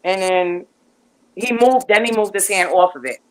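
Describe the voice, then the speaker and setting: A woman guest telling a long story in casual chat, animated and rambling, with lots of fillers and restarts. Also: mid-range voice, moderate pace, low-quality recording.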